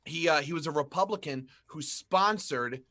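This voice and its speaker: A man leading a gun rights group, talking passionately on a panel and rising to shouts. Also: fairly high pitch, normal speed, dry recording. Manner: fiery, rises to shouting. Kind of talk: impassioned panel talk.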